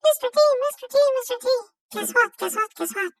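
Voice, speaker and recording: Elmo, a giddy monster puppet. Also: male voice, very high voice, fairly quick, no echo, studio quality, far from the mic, pitched above the performer's own voice, full character voice. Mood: excited. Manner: excitable, repeats words, talks of himself by name. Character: cheerful childlike little monster puppet.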